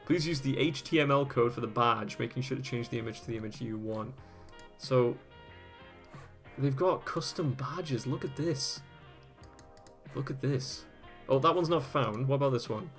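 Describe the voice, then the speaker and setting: Male host, casual amused commentary, mid-pitched voice, soft music underneath. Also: moderate pace. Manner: amused, laughs often, swears casually. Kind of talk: casual commentary while browsing and reading web pages aloud.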